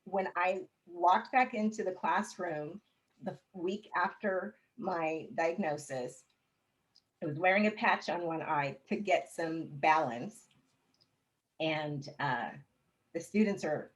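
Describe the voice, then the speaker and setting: A woman telling her personal story as an interview guest, candid and expressive, with touches of humor. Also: on the low side, slow, rough recording.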